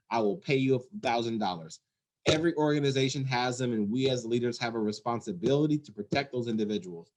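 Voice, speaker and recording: A man who runs an emergency call center, giving an earnest, emphatic leadership talk and repeating his key points. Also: fairly high pitch. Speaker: 911 center executive director.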